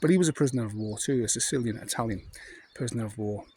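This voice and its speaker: Birdsong and a clear layer of noise fill the background as this North Welsh vlogger, in his fifties, tells stories in a loose, wandering monologue. He is chatty and full of ums and asides, speaking at a quick pace in a middle-pitched voice with a dark tone.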